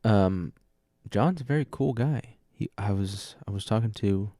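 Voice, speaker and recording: Speaking unhurriedly in a mellow voice on the low side, a young man talks on his own podcast, meandering through casual chat with self-mocking jokes. He's close on a dynamic mic, and no room sound comes through.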